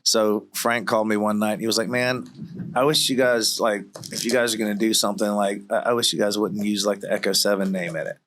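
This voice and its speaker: A man who plays music is a guest on a podcast, talking in a relaxed, meandering way. His voice sits fairly low. He fills his sentences with "you know" and "like". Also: brisk, slight background noise. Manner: easygoing, rambling, full of fillers like "you know". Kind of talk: casual interview chat.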